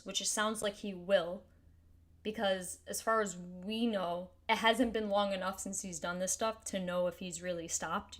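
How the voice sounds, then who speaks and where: A woman giving casual spoken commentary to camera, earnest and thinking aloud, with frequent restarts and fillers like "like" and "you know". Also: mid-range voice. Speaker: commentary YouTuber.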